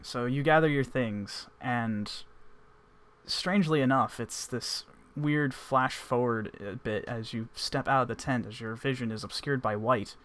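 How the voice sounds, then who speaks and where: A man's voice: mid-range voice, measured pace, a bit bright. A man running a tabletop game as game master, narrating in a loose, rambling descriptive way.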